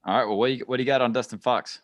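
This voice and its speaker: A man hosting a casual podcast chat, moving the talk along briskly and asking each guest in turn. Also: mid-range voice, steady tone, dry recording. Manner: brisk, moderating the discussion. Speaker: podcast host.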